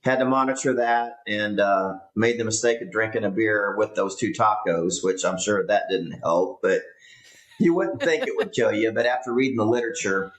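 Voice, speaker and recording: Man, podcast co-host, casual chat, halting, roomy sound. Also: fairly low pitch. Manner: relaxed, hesitant with fillers. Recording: roomy echo.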